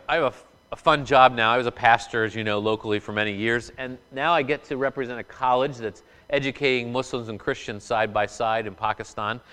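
A man's voice: mid-range voice, bright, forceful tone. A man who was a pastor for many years, giving a sermon in a conversational way, with many fillers and restarts. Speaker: former pastor, college representative. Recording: hall reverb.

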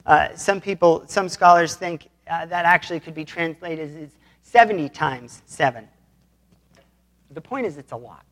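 A pastor delivers a relaxed, conversational sermon at a middle pitch. The pastor retells an old parable in plain, modern words and speaks directly to the congregation. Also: normal speed. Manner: plainspoken, retells scripture in everyday terms.

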